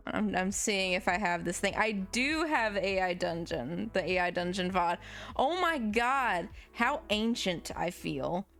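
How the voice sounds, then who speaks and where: A woman streamer chatting casually while drawing, rambling and swearing freely, her voice jumping up in pitch now and then. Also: expressive, unhurried, a bit bright, faint music behind.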